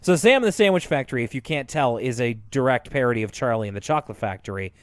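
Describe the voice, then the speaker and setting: A man co-hosting a podcast in casual chat, retelling cartoon scenes in an animated way, with lots of fillers and laughs. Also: mid-range voice, fast talker, dry recording. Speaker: podcast co-host.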